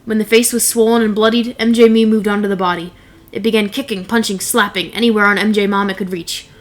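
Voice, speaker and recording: A woman's voice: mid-range voice, steady tone, quick pace. Wry young woman narrating horror. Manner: wry, blunt, casually profane. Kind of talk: first-person horror story narration.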